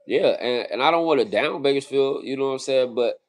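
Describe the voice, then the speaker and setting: A man's voice: medium pitch, a little fast. Man from cali chatting on a livestream, earnest, keeps restarting and repeating himself, mid voice. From California. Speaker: livestream co-host. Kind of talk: casual livestream chat.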